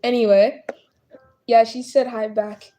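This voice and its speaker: A woman casually commenting on her gameplay while streaming, excitable and talking to her chat with lots of starstruck exclamations. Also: a little high, a little slow, soft background music. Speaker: game streamer.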